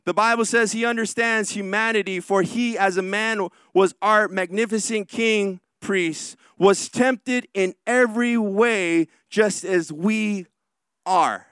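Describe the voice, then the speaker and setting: A man preaching a sermon as pastor, drawing out key lines slowly and rushing through asides. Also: high-pitched, a bit bright, smooth, no room sound, studio quality. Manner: preaching with slow, drawn-out emphatic lines and quick asides.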